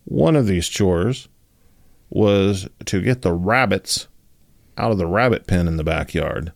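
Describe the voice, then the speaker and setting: Laid-back man telling stories, lowish voice. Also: lively intonation, gravelly, no room sound, studio quality. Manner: laid-back, drawn-out storytelling. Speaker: podcast co-host. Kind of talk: casual chat and storytelling.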